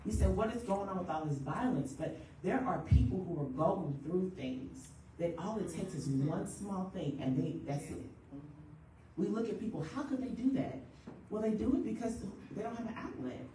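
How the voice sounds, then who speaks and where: A woman counselor leads a church workshop on grief. Her somewhat low voice carries from a distance through a very echoey room with a faint hiss behind it. She talks in a lively way and keeps acting out short everyday quotes. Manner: lively, acts out quick everyday quotes, laughs often. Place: church hall.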